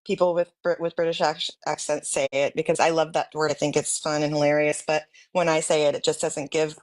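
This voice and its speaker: A woman guest on a live panel, chatting in an animated, joking way. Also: low-pitched, brisk, no room sound. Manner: chatty, animated, laughing easily. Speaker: guest caller telling a dating story. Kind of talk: casual live-stream chat.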